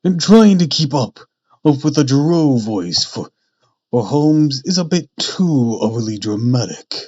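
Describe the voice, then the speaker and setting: A man streaming live, chatting casually and thinking out loud between frequent laughs. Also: mid-range voice, sing-song, a little slow, slightly rough. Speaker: streamer reading a novel aloud. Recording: dull lo-fi stream mic.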